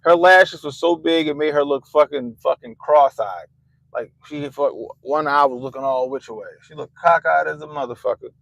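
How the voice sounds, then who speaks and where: A man hosting a livestream, ranting casually and swearing constantly, swinging between loud outbursts and low mutters. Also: normal speed, vocal fry, no room sound, poor audio. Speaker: livestream host. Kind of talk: profane casual rant. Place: Baltimore.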